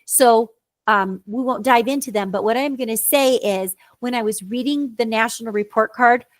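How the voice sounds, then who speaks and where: A woman's voice: fairly high pitch, moderate pace, no room sound. A woman tutor co-hosting a casual chat about reading, earnest and explanatory. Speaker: tutor and podcast co-host.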